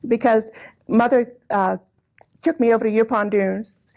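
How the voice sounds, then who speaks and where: A woman's voice: fairly high pitch, fairly even intonation, a little slow. A woman in her sixties telling personal family stories to a live audience in a chatty, laughing, aside-filled way. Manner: chatty, warm anecdotes with frequent laughs and asides. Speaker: speaker at a commemorative gathering. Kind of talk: personal storytelling talk. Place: hall before a live audience.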